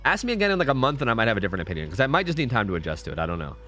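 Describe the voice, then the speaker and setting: A man's voice: medium pitch, big pitch swings, very fast, sharp tone, soft background music. A young man streaming a game, talking casually and rambling with his viewers, swearing freely.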